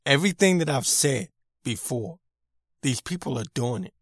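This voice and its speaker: A man's voice: medium pitch, expressive, moderate pace, no room sound, studio quality. A man hosting his own podcast, giving an irritated, emphatic opinion rant and repeating his points for emphasis. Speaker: podcast host.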